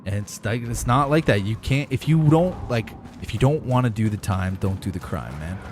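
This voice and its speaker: A man's voice: lowish voice, expressive, moderate pace, darkish tone, slight background noise. A young man streaming a game live, chatting with viewers in a profane, emphatic, ranting way. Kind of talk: casual gaming livestream chat.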